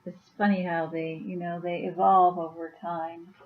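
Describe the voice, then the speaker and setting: A woman's voice: on the low side, flat delivery, unhurried, narrow, tinny audio. A woman chatting casually on her vlog at home, rambling with many fillers. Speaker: YouTuber and author.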